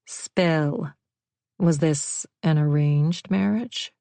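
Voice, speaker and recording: A woman's voice: sits low, very slow, gravelly, mellow, no echo, heavily acted. A woman voicing a playful young man who teases and plays things up for drama. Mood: teasing. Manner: teasing, dramatic.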